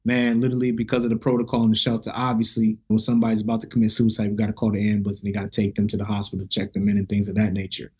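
A man, a motivational speaker, telling a personal story as a podcast guest in a lively, slangy way, acting out the dialogue. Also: rapid-fire, few pauses, slightly rough. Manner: lively, slangy, acts out dialogue with big pitch jumps.

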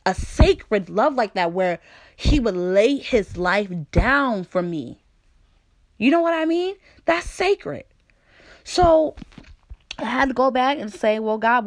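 A woman giving a personal devotional talk, candid and conversational, with playful asides and slow, deliberate scripture reading. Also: medium pitch. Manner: reads scripture slowly and deliberately. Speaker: speaker sharing a faith testimony.

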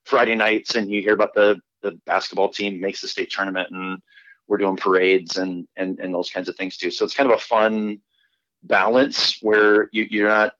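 A man from Iowa, a pastor, talking casually in a podcast interview with a relaxed, rambling manner and many fillers. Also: fairly low pitch, moderate pace, no room sound. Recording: dull, lo-fi remote audio.

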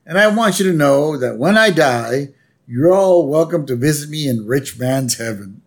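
A man putting on a rambling old grandfather, a boastful former sergeant with a gruff, long-winded manner. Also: fairly high pitch, animated, moderate pace.

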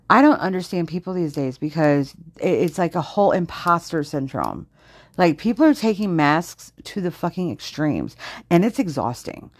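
Low-voiced woman venting profanely. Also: no echo, clean studio sound. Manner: profane, fast-shifting, venting with heavy swearing. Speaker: podcast host. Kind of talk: unedited solo podcast rant.

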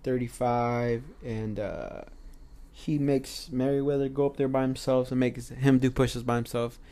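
A man's voice: mid-range voice, measured pace. A young man and podcast guest telling a story in casual chat, acting out the people in it. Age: young adult. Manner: animated, acts out the people in his stories.

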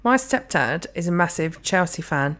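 This is a woman in her thirties with a slightly low voice, co-hosting a chatty podcast. She rants in a joking, sweary way. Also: lively intonation, moderate pace, a bit bright, slight background noise. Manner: ranting, sweary, jokey. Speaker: podcast co-host. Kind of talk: casual chat.

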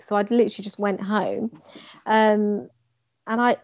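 Animated woman telling a story. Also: medium pitch, fast, no echo. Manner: animated, acts out quoted lines with emphasis. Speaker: guest. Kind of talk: personal storytelling in conversation. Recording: dry, slightly dull lo-fi sound.

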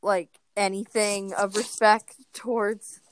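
A young woman from Maryland in casual chat, animated and opinionated, with frequent likes. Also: medium pitch, slow pace, clear, resonant tone.

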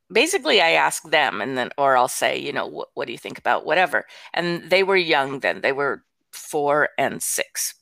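An older woman with a low, gravelly voice tells a story in a lively, chatty way. She acts out the quotes and laughs lightly now and then. The sound is dry and close. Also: dry recording. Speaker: guest. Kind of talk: casual storytelling.

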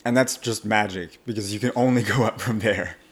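A man speaking as a language coach in a podcast interview, animated and laughing often as he explains. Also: on the low side, brisk.

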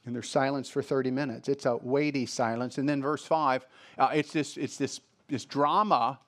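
A man's voice: medium pitch, fairly even intonation, normal speed, fairly bright tone. A male pastor preaching a sermon, reading scripture aloud and explaining it, repeating phrases for emphasis.

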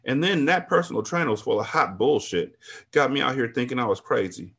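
A man's voice: medium pitch, lively intonation, brisk, fairly bright tone, husky. A man hosting a podcast, reading a novel aloud and commenting in a casual, profane, laid-back way.

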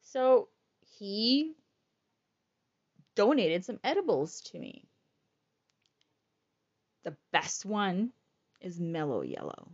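A woman's voice: mid-range voice, sing-song, extremely slow, long pauses, dull audio. A woman casually telling a personal story, frank and rambling, swearing freely. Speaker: storyteller sharing personal illness experience.

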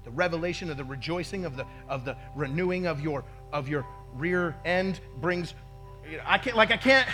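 A man's voice: high-pitched, lively intonation, brisk, creaky, pushed and bright, faint music behind. A male pastor preaching a sermon, telling a story with acted-out quotes and frequent "right?" asides to the congregation.

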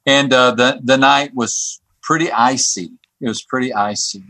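A man who works on a church staff tells a personal story as a guest. He talks haltingly, repeating words and restarting his sentences. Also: medium pitch, pushed and bright, no room sound. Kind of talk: telling a personal story on a podcast.

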